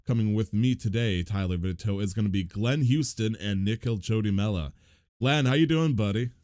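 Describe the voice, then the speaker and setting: A man's voice: fairly low pitch, moderate pace, darkish tone, dry recording, clean studio sound. A man hosting a casual podcast, joking and laughing as he chats with his co-hosts. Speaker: host.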